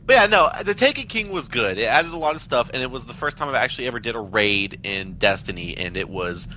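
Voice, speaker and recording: A young British man chatting casually on a gaming podcast, animated and quick to laugh. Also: medium pitch, a little hiss or hum, low-quality recording. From Britain. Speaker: podcast co-host. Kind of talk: casual chat.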